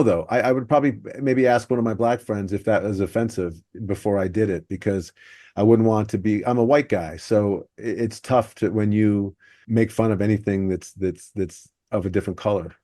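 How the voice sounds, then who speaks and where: A man's voice: lowish voice, warm tone, dry recording, studio quality. A man hosting a podcast, breaking down how jokes are built. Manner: analytical, explaining joke structure. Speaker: podcast host. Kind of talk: podcast discussion.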